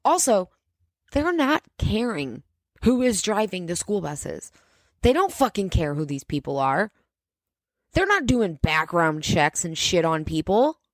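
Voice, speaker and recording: A woman's voice: fairly low pitch, no echo. A woman hosting a solo podcast, ranting in a sarcastic, profane way about things that annoy her. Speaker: podcast host.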